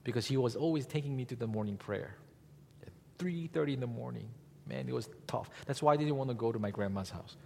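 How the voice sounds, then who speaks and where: A man preaching a sermon as pastor, speaking in an animated way and asking the congregation rhetorical questions. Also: medium pitch, quick pace, vocal fry, slight background noise. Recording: long hall reverb.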